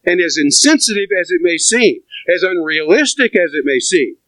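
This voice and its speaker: Preacher, male, fairly high voice, dry close sound; earnest and emphatic, reads scripture. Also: big pitch swings, moderate pace, fairly bright tone, no room sound, low-quality recording. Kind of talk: sermon. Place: camp meeting.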